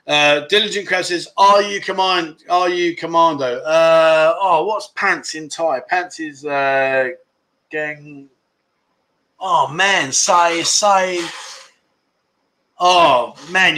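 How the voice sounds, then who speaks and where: A man's voice: a little high, bright, forceful tone. A man hosting a casual livestream, reading viewer comments aloud and teasing them with lots of laughter. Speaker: livestream host.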